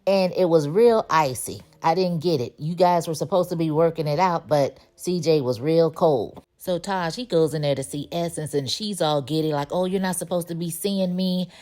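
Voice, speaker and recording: A woman's voice: low voice, moderate pace, few pauses, a little mellow. A woman giving a casual spoken recap of a TV episode, telling the story in a chatty way with sassy asides. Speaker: TV show recap reviewer.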